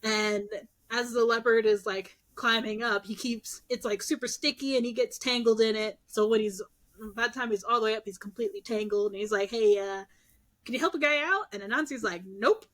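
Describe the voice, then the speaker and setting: A young woman co-hosts a podcast, chatting casually as she retells myths and performs the characters' lines with swearing and laughter. Her voice sits on the high side and moves a little fast, and her manner is animated.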